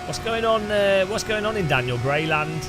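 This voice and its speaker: A man's voice: high-pitched, expressive, moderate pace, over music. A British man streaming a sim race, chatting with his viewers in a joking tone and laughing often. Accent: British English. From Britain. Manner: joking, laughs often, greets chat by name. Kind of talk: casual live-stream chat while sim racing.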